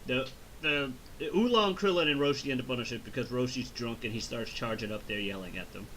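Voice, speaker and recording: A man with a mid-range voice and a fairly quick delivery hosts a casual movie review, recapping the plot with plenty of profanity and constant acted-out bits. He's animated and keeps laughing as he goes. There's slight background noise.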